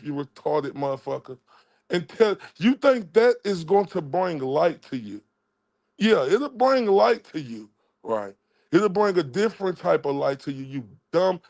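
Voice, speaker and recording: A man's voice: on the high side, very animated, measured pace, a little mellow. A man, ranting confrontationally and with a lot of profanity on a livestream, mocking the people he addresses. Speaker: livestream commentator. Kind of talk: heated livestream rant.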